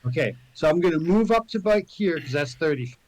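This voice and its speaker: A man's voice: on the high side, animated, a little fast, a little mellow, slight background noise. Methodical man player with keyboard taps behind. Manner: methodical, checks distances and numbers. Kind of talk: casual tabletop play.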